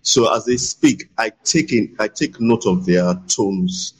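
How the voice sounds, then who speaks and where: A man's voice: on the low side, takes it slowly, poor audio. A man, a guest in an interview, talking emphatically and repeating his points for stress. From Nigeria. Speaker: voice acting guest. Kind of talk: conversational interview.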